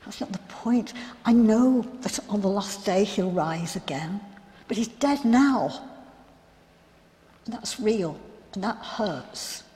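Woman as a reflective biblical sister, unhurried monologue, mid-pitched, big reverberant hall. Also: lively intonation, dark tone. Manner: earnest, reflective, halting storyteller. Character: grieving biblical sister of a raised man, earnest and reflective. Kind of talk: first-person dramatic monologue.

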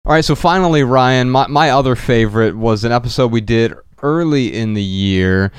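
A man's voice: medium pitch, moderate pace, smooth. A man co-hosting a podcast in easygoing, jokey chat. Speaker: podcast co-host.

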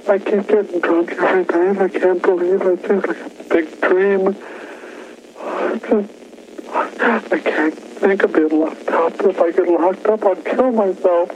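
High-pitched weepy man on old tape. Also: steady tone. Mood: distraught. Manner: halting, distraught confession. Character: weeping high-pitched male killer caller on archive tape. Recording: muffled lo-fi archive phone tape with faint noise.

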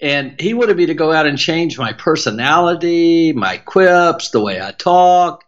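A man's voice: a little high, lively intonation, a little slow, lo-fi sound. A middle-aged man with a Southern American accent, a motivational speaker talking as a podcast guest in an emphatic, preacher-like rhythm with lots of repetition. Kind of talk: podcast interview.

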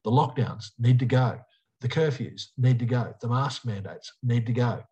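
A man's voice: medium pitch, moderate pace, warm tone, highs cut off. An Australian man, a politician being interviewed, speaking emphatically and repeating short punchy phrases. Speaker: politician guest. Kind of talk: interview answers.

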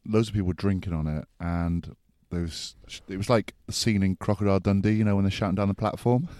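A man co-hosting a podcast, chatting casually and quickly. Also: low-pitched, steady tone, warm tone, no echo. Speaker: podcast co-host. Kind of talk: casual chat.

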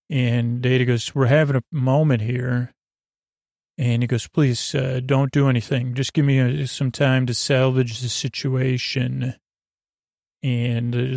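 Male podcast host, gravelly and dry, slow rambling recap for falling asleep. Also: mid-range voice, darkish tone, no echo. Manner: unhurried, loose retelling full of "he goes" and "uh". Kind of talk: sleepy episode recap.

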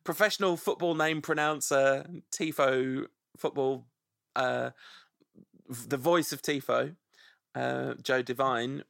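A man's voice: mid-range voice, creaky, fairly bright tone, no echo, studio quality. A man hosting a podcast in casual chat, playfully savoring the sound of names as he reads out suggestions. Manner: playful, relishes saying names aloud. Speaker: podcast host.

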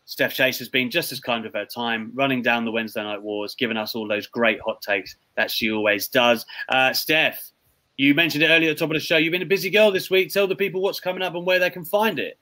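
A man's voice: medium pitch, brisk, pushed and bright. A man hosting a casual wrestling podcast, chatting in a rambling way with frequent restarts. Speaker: podcast host.

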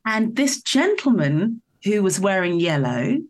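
A woman's voice: medium pitch, sing-song, unhurried. A woman from the countryside, a musician telling a story as a guest in a casual interview, rambling and laughing as she goes. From England.

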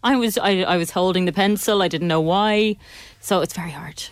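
A woman's voice: lowish voice, moderate pace, no room sound. Chatty female radio co-host. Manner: chatty, playful. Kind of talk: casual radio chat.

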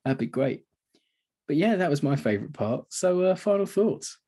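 Male podcast co-host, chatty film talk with quick laughs and a breathy voice. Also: a little high, expressive, warm tone. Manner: chatty, laughs often, acts out quotes. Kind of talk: casual film review chat.

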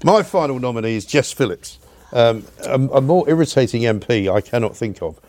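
A man's voice: medium pitch, lively intonation, darkish tone. A man from London hosting a radio podcast, blunt and opinionated in casual chat. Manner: blunt, opinionated, fast-talking. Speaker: radio host.

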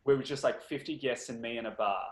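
An Australian man telling an animated, camp anecdote in a casual chat. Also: mid-range voice, quick pace, very noisy. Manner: camp, animated storyteller, acts out voices. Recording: echoey room.

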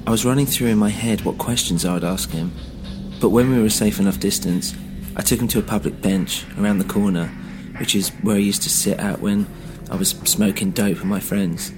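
A man narrating an audio drama in the first person with tense, measured storytelling. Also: on the low side, background noise. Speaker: narrator and host.

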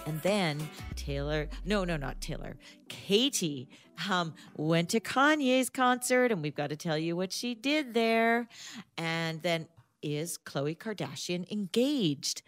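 A woman's voice: on the low side, expressive, slow pace, soft background music. A middle-aged woman hosting a celebrity news podcast in a studio, bubbly and enthusiastic. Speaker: podcast host. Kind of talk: casual chat.

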